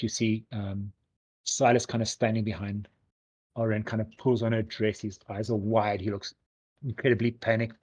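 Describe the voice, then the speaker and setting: A man with a low, husky voice narrates a tabletop game as game master, rambling through his descriptions with frequent ums and likes. The recording sounds dull and lo-fi. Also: a little mellow.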